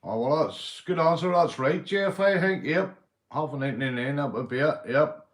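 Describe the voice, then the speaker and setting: A Northern Irish man hosting a livestream, telling crude jokes, swearing and shouting out viewers. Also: on the high side, expressive, moderate pace. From Northern Ireland. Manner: rowdy, swearing, joke-telling, reading viewer comments. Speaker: livestream host. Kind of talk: casual livestream chat.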